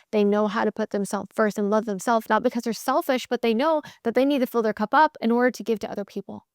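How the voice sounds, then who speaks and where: A woman's voice: mid-range voice, clean tone, dry recording, clean studio sound. A woman host giving a candid, motivational solo talk, emphatic and repeating phrases in bursts. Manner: candid, swears casually. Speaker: sales coach podcast host.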